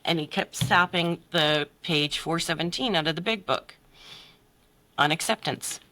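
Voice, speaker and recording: Podcast guest, woman, middle-aged, candid and blunt, bright forceful tone, swears, voices others. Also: low-pitched, measured pace. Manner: blunt, swears freely, acts out quotes with big voices. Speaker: podcast guest, life coach. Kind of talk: candid personal story in conversation.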